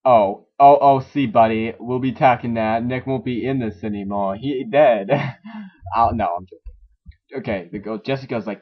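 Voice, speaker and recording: A man's voice: mid-range voice, fairly even intonation, normal speed. A man reading a story aloud and mocking it, sarcastic and swearing often in a dull lo-fi recording. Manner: sarcastic, swears a lot, laughs at the text. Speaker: story reader. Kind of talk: mocking read-through of a story.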